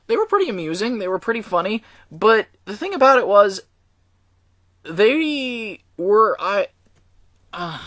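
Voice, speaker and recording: A man's voice: high voice, no room sound, studio quality. A young man giving a casual spoken movie review, opinionated and hesitant, full of ums and restarts. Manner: opinionated, lively complaining. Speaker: film reviewer.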